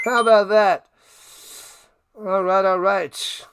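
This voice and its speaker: Guy doing play-by-play on his stream, high voice, kinda gravelly but clear, goofy hype, close dry mic. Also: a little slow, a bit bright, no echo. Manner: playful, hyped, talks to chat, sings and riffs. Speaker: live stream play-by-play host. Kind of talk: casual live play-by-play commentary.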